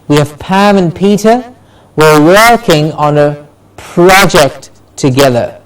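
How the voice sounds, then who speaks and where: A man teaching English pronunciation, saying word pairs slowly and clearly and repeating them so each stress is heard. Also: fairly high pitch, recorded from a distance, low-quality recording. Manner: repeats words in pairs, stretching stressed syllables. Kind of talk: slow, deliberate pronunciation lesson.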